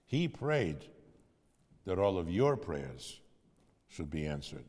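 A man voicing the voice of God from heaven, delivering a stern, measured rebuke. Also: low voice, big pitch swings, darkish tone, big-room sound, pitched below the performer's own voice, exaggerated voice. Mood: rebuking.

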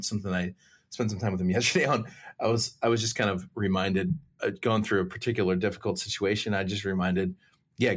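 A man, guest on a Christian talk show, telling stories and personal testimony in an animated way, with many restarts. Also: low voice. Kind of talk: faith talk show storytelling.

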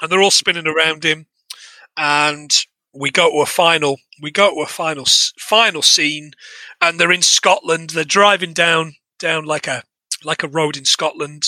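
Bright, high-voiced English man recapping a film. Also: moderate pace, no room sound, rough recording. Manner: chatty, animated retelling with laughs and swearing. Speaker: podcast co-host. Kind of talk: casual film recap chat.

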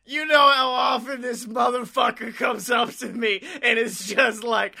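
Rambling comedy podcaster, bright and cutting tone, swears constantly. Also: medium pitch, unhurried, gravelly, few pauses. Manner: rambling, profane, excitable. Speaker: podcast host and storyteller. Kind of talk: improvised comedy storytelling.

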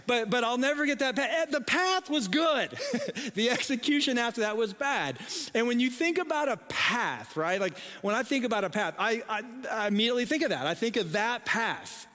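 A man in his forties preaching a sermon, telling a story in a self-deprecating, animated way with halting restarts. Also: extremely high pitch. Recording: long reverb in a large hall.

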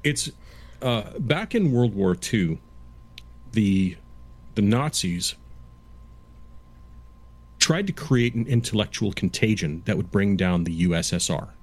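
Halting man in his fifties. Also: on the low side, lively intonation. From Canada. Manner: halting, explanatory, lecturing with frequent restarts. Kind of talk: casual chat.

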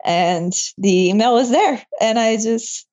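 A woman's voice: a little high, takes it slowly, a little mellow. A young woman guest and medical student telling her story in a casual interview, laughing often. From moved to Canada. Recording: muffled lo-fi audio.

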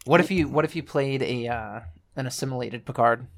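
A man's voice: medium pitch, fairly quick, creaky. A man co-hosting a podcast in casual chat, teasing and bantering playfully with his guests. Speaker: podcast co-host.

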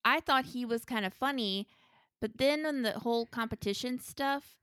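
A woman's voice: a little high, normal speed, a bit bright, smooth, dry recording. Frank woman podcaster, dry sound. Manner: frank, laughs between remarks. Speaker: podcast co-host. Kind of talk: casual movie review chat.

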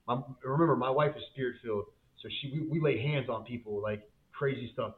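Speaking fast in a mid-range voice, a guest who owns a business tells an emotional story of faith with fervor. His slangy, casual delivery is full of repetitions and restarts, and the audio sounds tinny, like a phone line.

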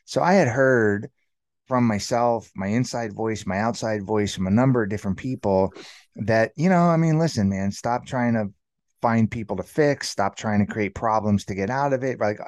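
A man's voice: fairly low pitch, normal speed, darkish tone, dry recording. A man in his thirties telling his personal story as an interview guest, rambling and filling his talk with "like" and "you know". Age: 30s.

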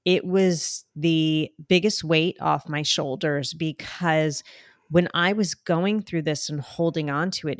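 A woman's voice: sits low, no room sound, studio quality. Candid woman with a Jersey accent. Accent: New Jersey. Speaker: podcast guest. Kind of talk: candid conversational interview.

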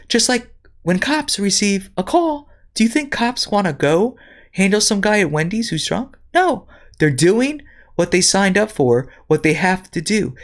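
Woman host, indignant and sarcastic, reads the news then rants, pitch jumps around a lot. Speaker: podcast host. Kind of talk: reading news and commenting.

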